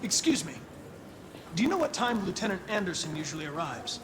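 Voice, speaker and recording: A man's voice: sits high, sing-song, fairly quick. An actor playing a polite young male android detective in a video game, asking precise questions. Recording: game audio with clear noise.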